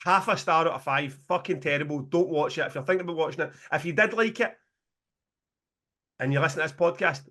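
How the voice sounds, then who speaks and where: Scottish male co-host, higher register, lively and sweary, laughs a lot. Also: fast talker. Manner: animated, sweary, laughing storyteller. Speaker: podcast co-host, promoter. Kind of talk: casual podcast chat.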